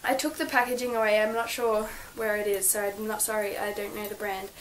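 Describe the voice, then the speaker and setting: A woman's voice: mid-range voice, little pitch movement, a little fast, a little hiss or hum, rough recording. A young woman vlogging from her bedroom, gushing and chatty with lots of fillers as she shows her birthday gifts. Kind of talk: casual birthday haul vlog.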